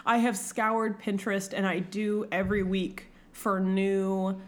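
A young woman co-hosting a podcast, chatting casually and laughing often. Her voice sits at an ordinary middle pitch, and she swears now and then in an easygoing, animated way. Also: a little slow, background noise. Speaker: podcast co-host. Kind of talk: casual chat.

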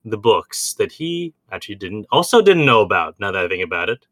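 A man co-hosting a casual podcast chat, animated and talking in quick asides, often laughing. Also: on the low side, no room sound. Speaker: podcast co-host.

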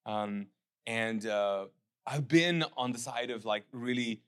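A Pakistani pastor in middle age preaches a sermon, his animated storytelling gradually giving way to quiet, earnest reflection. His male voice has a medium pitch and a clear, resonant tone, and he takes his time.

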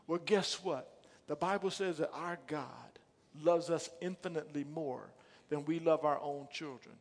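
A middle-aged male pastor preaching a sermon, swinging from quiet low asides to loud, emphatic repeated lines. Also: normal speed. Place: church sanctuary. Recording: long hall reverb.

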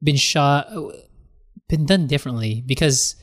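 A man's voice: mid-range voice, unhurried. A man in casual film chat, rambling with many restarts and acting out lines from scenes. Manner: rambling, animated, acts out quotes.

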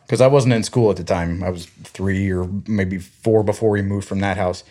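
A man's voice: fairly low pitch, a little fast, few pauses. A man in his thirties from Georgia in the US, telling family stories in a casual chat and acting out the voices of the people in them. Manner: animated retelling, acts out quoted voices.

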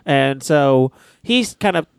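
A man's voice: medium pitch, expressive, slow, vocal fry, clear, resonant tone, dry recording. A man co-hosting a podcast, recounting a show in a rambling, sweary, casual way with lots of fillers. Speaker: podcast co-host. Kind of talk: casual chat.

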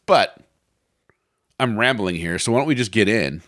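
A man's voice: on the low side, animated, moderate pace, fairly bright tone, no room sound, studio quality. A man hosting a podcast in a casual, rambling way, often laughing and restarting his sentences. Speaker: podcast host.

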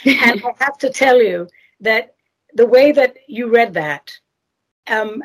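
Woman, radio show host, husky voice, earnest, conversational. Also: on the high side, slow. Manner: earnest, spiritual, asks leading questions. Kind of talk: conversational interview.

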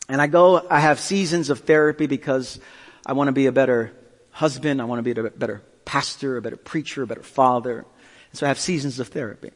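A male pastor giving a sermon, telling a story with lively, acted-out dialogue. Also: medium pitch. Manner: animated storytelling, acting out dialogue. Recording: long hall reverb.

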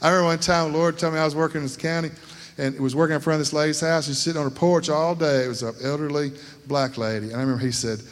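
Recorded in a reverberant church hall, a middle-aged lay preacher talks very fast in a fairly high, steady-toned voice. His testimony unfolds as homespun stories, and he keeps checking in with "you know what I'm talking about".

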